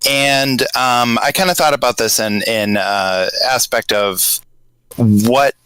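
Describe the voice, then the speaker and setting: A man with a Boston accent, talking through ideas in a loose, hesitant way on a casual podcast and getting animated as he builds a scenario. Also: mid-range voice, takes it slowly, smooth, no echo, rough recording. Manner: rambling, hesitant, grows animated telling a scenario. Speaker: podcast panelist.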